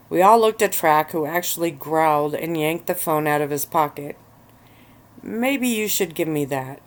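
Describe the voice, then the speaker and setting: A woman relaxing on a bed of pillows, reading her own story aloud in a relaxed ASMR-style narration. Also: low-pitched.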